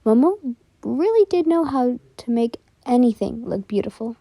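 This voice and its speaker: A young woman narrating a whispered role-play story in a soft, easily flustered manner. Her voice sits slightly high with a dark, mellow color. It sounds close and dry. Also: big pitch swings, moderate pace, no room sound.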